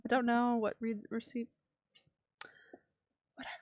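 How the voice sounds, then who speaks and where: A woman's voice: a little high, level tone, a little slow, background noise. A woman streamer chatting and reacting aloud as she plays through a story game. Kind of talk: game playthrough commentary.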